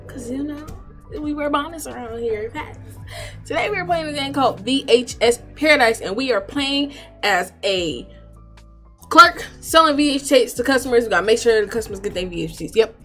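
Bright, loud-mouthed woman gaming host. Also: on the high side, fairly quick, faint music behind. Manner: loud, profane, slangy and animated. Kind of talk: casual gameplay commentary.

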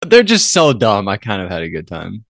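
A man's voice: on the low side, wildly swooping pitch, moderate pace, vocal fry, no room sound, clean studio sound. A man co-hosting a film podcast in casual chat, playful and rambling. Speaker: podcast co-host.

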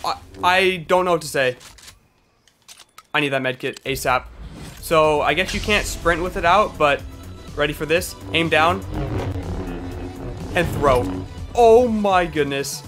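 Excitable young man, gameplay commentary. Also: fairly high pitch, faint music behind. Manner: hyped, exclamatory, quick asides. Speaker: gaming YouTuber.

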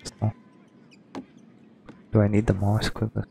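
A man's voice: fairly low pitch, monotone, takes it slowly, gravelly, mellow, husky. A man giving casual, rambling let's-play commentary, hesitant and full of ums. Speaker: gaming streamer.

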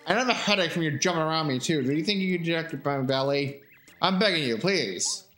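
A man's voice: a little high, expressive, a little fast, pushed and bright, soft background music. A man doing a whiny big whale. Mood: pleading.

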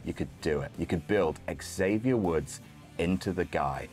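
A man's voice: low-pitched, a little slow, darkish tone, faint music behind. A man giving scripted, wryly humorous narration as a wrestling commentator. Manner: wry, dry humor.

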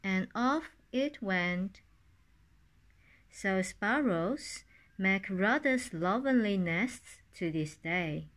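Woman reading a kids story really slow, calm storybook voice, medium pitch.

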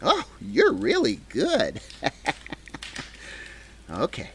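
Bubbly female Christmas tree mascot, voiced by a woman, slow and hugely swooping, coaxing the audience to join in. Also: on the low side, wildly swooping pitch, creaky, fairly bright tone, a little hiss or hum, full character voice. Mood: playful. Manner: bubbly, giggly, sing-song, coaxing an audience. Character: cheerful female talking Christmas tree, jolly host. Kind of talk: children's show character voice. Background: jingle bell music.

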